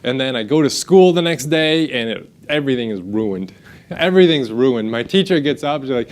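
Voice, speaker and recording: A man's voice: medium pitch, animated, brisk. A man, preaching a sermon and telling a self-deprecating story that he acts out in quotes. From United States. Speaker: pastor. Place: church sanctuary.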